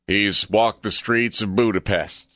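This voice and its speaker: A man's voice: on the low side, fairly even intonation, unhurried, a bit bright, dry recording. A man anchoring the news on a radio show, reading and bantering with dry, wry asides.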